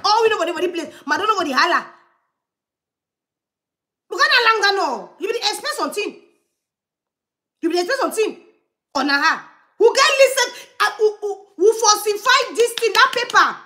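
A woman giving animated livestream commentary, laughing often and dropping into murmured asides. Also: very high-pitched, normal speed, pauses often.

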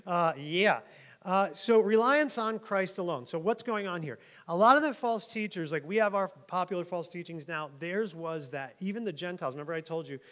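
A pastor from New York preaching a conversational sermon, often laughing and checking in with "right?". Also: male voice, fairly high pitch, a bit bright. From New York, USA. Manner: chatty, laughs often, keeps asking "right?".

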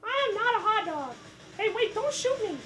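A woman with a very high, childlike voice, talking in a silly, innocent way for a gaming prank video. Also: sing-song, moderate pace, sharp tone, reverberant. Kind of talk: casual vlog intro and game chat prank.

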